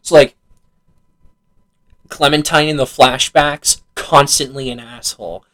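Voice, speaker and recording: A man's voice: mid-range voice, steady tone, unhurried, a bit bright, low-quality recording. A young man co-hosting a casual podcast about video games, laughing often, swearing freely and acting out game dialogue. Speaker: podcast co-host.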